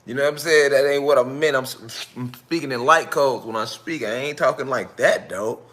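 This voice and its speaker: A man hosting a casual livestream as a spiritual teacher, talking in a loose, slangy, profane and repetitive way. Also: normal speed. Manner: animated, jumps into high-pitched voices when quoting fans.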